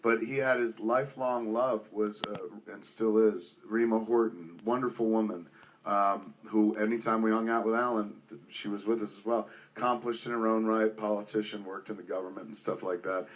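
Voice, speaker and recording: A man's voice: fairly low pitch, fairly even intonation, moderate pace. A man in his forties, a filmmaker, giving a casual spoken tribute to a friend, swearing constantly and rambling with lots of "like" and "man". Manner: profane, rambling, heartfelt, heavy on fillers like "like" and "man".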